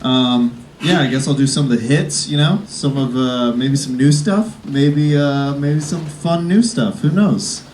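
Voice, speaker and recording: A male comedian warming up a live crowd with a rambling stand-up set, full of fillers and self-aware jokes. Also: mid-range voice, measured pace, few pauses, recorded from a distance, a little hiss or hum. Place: comedy club stage before a live audience. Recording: roomy live club sound from off-mic.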